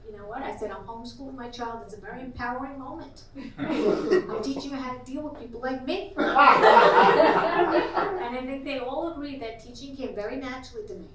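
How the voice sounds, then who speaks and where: A woman's voice: sits high, fairly quick. A middle-aged woman doing a brash, crude stand-up set in a small comedy club, laughing at her own punchlines. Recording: echoey club recorded from far off. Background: loud crowd laughter.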